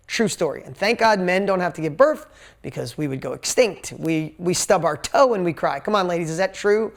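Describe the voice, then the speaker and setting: A man's voice: high voice, animated, moderate pace. A man giving a sales talk to a live seminar audience, telling stories animatedly, acting out quotes and swearing casually. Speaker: seminar speaker. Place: event stage before a live audience.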